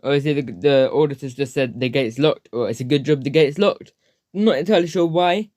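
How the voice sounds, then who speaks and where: A man's voice: medium pitch, brisk, darkish tone, no room sound, clean studio sound. A man commenting on a video as reaction host, hesitant and hedging, leaning on filler phrases. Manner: hesitant, hedging, repeats "obviously".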